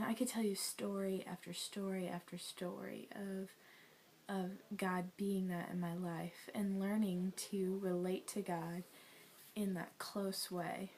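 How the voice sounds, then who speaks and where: A young adult woman giving an earnest, emotional personal faith testimony, often sighing and dropping to a soft near-whisper. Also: mid-range voice, slight background noise. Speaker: guest sharing a testimony.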